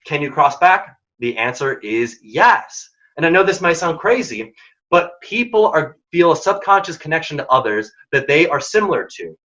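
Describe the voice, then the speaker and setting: A man presenting a career workshop, talking in an emphatic, casual, energetic way. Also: a little high, normal speed. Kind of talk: career advice talk. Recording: dull lo-fi recording.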